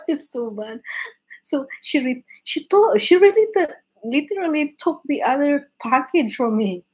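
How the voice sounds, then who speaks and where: A woman's voice: high voice, expressive, measured pace, slightly rough, low-quality recording. A woman hosting a live drawing stream, chatting casually with viewers, laughing often and restarting her sentences.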